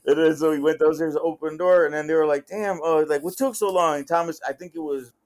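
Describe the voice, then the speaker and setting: A man casually telling a story on a podcast, heavy with slang, acting out what others said. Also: fairly quick. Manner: animated, acts out quotes with rising pitch, heavy slang. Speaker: podcast host.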